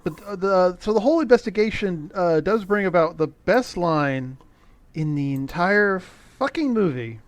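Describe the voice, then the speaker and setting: A middle-aged man casually recapping an old movie on a podcast, sarcastic and profane, with animated asides. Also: high-pitched, moderate pace, dry recording. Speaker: podcast co-host recapping a film. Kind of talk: casual chat.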